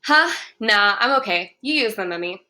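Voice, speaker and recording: A woman's voice: mid-range voice, lively intonation, normal speed, sharp tone. A woman voicing a shy, uncomfortable teenage boy who answers hesitantly. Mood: uneasy.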